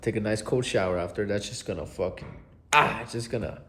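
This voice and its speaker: A young adult man talks straight to camera in a casual self-help vlog. His voice sits a little low, and he speaks earnestly and bluntly, swearing freely and circling back over his points to drive them home. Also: brisk, a bit bright, a little hiss or hum.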